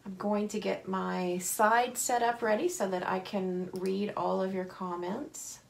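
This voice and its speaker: A woman's voice: medium pitch, fairly even intonation, measured pace, vocal fry. A woman hosting a live paper craft tutorial, chatting cheerfully and greeting viewers by name. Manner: cheerful, apologetic asides.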